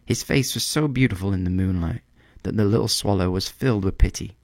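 A man reading a storybook aloud in a measured, expressive way. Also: on the low side, no echo, clean studio sound.

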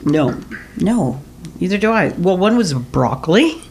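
Gravelly dry-witted Canadian podcast host. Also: male voice, sits high, big pitch swings, measured pace, a little hiss or hum. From northern Canada. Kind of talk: casual chat.

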